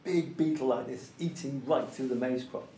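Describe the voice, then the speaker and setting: A man's voice: medium pitch, normal speed, mellow, roomy sound, slight background noise. A man telling stories emphatically in a conversation, repeating key points for stress. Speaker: interviewee, organic soil product promoter. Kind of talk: anecdotal storytelling in conversation.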